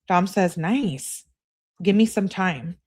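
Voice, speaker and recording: A woman hosting a true-crime channel, reading a couple's text messages aloud in a casual way and breaking off for quick remarks of her own. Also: lowish voice, lively intonation, darkish tone, husky. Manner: reads texts aloud, breaks off with quick asides. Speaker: host reading case evidence.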